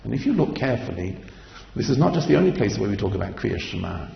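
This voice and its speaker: A man's voice: fairly low pitch, very animated, fast talker, gravelly, reverberant, big-room sound, dull audio. A man giving a Torah lecture as a sermon, asking repeated rhetorical questions and chanting verses. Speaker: rabbi giving a Torah class.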